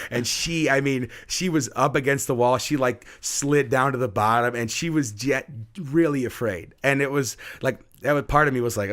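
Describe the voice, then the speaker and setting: A middle school teacher tells a story in casual conversation with a medium-pitched voice and a moderate pace. He's animated and acts out the voices of the people in his tale.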